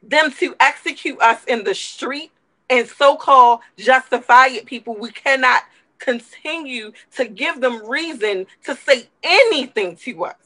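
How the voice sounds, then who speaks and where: A woman's voice: high-pitched, measured pace, pushed and bright, poor audio. A woman co-hosting a talk show, giving impassioned, emphatic commentary and repeating words for emphasis while emotional.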